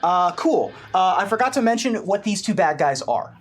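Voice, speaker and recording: Man running a tabletop game, halting. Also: sits high, breathy edge. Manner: relaxed, halting, many fillers. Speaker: dungeon master.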